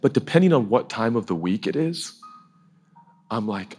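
Husky, emotional male preacher. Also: fairly low pitch, expressive, moderate pace, long pauses, darkish tone. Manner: emotional, conversational, laughs often. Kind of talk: sermon.

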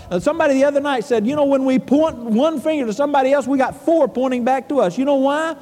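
A man preaching a sermon in a church, fervent, swinging from loud cries to hushed tones. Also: extremely high pitch, expressive, moderate pace. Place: church sanctuary. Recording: long hall reverb.

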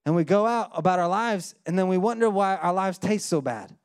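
A pastor, likely in his thirties or forties, preaching and telling a story, acting out voices and dropping low and quiet for serious points. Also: animated, a little fast, smooth. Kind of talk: sermon with storytelling.

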